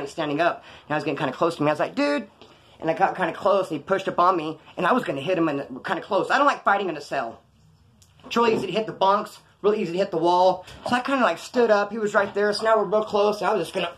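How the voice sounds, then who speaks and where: Fast-talking man telling rough stories. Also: high voice, a bit bright. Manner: profane, rambling, acts out the scenes. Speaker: former inmate telling his story. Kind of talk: casual storytelling.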